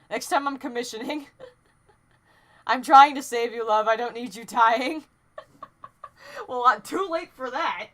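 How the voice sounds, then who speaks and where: A young woman chats loosely on her home stream while she draws. Her voice sits a little high. She rambles and gets excited, laughs often and stumbles over her own sentences. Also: slow, long pauses. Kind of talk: casual live-stream chat while drawing.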